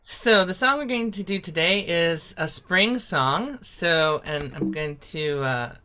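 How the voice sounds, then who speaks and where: A woman's voice: lowish voice, expressive, takes it slowly, bright, forceful tone. A woman teaching a folk song over a video call, upbeat and encouraging, laughing easily.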